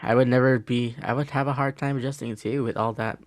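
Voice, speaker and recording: A man co-hosting a podcast who tells a case in casual chat, halting often with fillers and restarts. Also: mid-range voice, steady tone, slight background noise. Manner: hesitant, many fillers and restarts. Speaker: podcast co-host.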